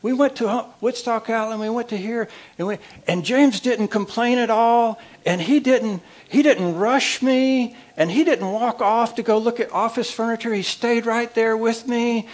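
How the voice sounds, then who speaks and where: A man voicing his wife as she excitedly brags to her mother on the phone, gushing through a breathless list. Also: fairly high pitch, moderate pace, hardly any pauses, voice pushed up, lightly acted.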